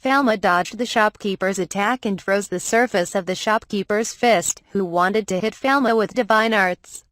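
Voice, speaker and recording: A woman reads a web novel aloud in an even, steady narration. Her voice sits in a middle pitch. The recording is close and dry, with no room sound. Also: normal speed, hardly any pauses, no room sound. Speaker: audiobook reader. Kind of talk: reading a translated web novel.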